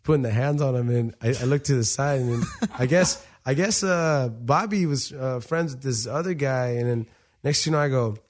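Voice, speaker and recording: A man's voice: medium pitch, normal speed. A young man, a boxer guest on a podcast, telling a long story in casual chat, swearing a lot and acting out the lines of the people in it. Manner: animated, profane, acts out quoted dialogue. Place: podcast studio.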